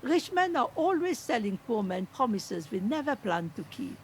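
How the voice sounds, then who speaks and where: Casting: a stubborn old landlady in a game, scolding and lively in tone. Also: on the high side, moderate pace, slight background noise. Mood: bitter. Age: older. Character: stern old grandmother landlady, distrustful.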